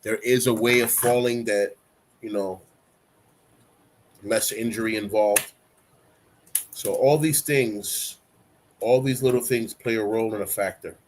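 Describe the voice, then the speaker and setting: A man's voice: on the low side, unhurried, pauses often, slight background noise. A man hosting a casual live-stream talk show, talking loosely in an instructive, coaching way and leaning on "you know" a lot. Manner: relaxed, rambling, heavy use of "you know". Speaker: livestream talk show host.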